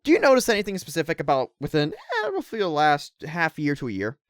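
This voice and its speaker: A woman's voice: low-pitched, huge pitch swings, quick pace, no echo, studio quality. A woman gaming creator giving casual commentary to her viewers, irritated and ranting with lots of rhetorical questions.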